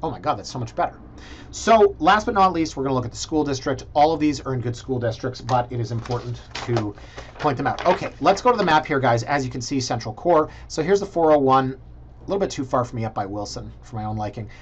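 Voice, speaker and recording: A man's voice: medium pitch, lively intonation, fast talker, husky, dull audio. A man, a realtor chatting casually through property listings and thinking aloud with joking asides. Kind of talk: casual screen-share vlog commentary. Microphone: computer mic.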